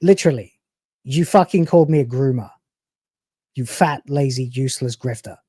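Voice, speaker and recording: A woman's voice: extremely low pitch, moderate pace, warm tone, breathy edge, no echo, studio quality. A woman hosting a reaction channel, giving sarcastic, profane, mocking commentary over clips.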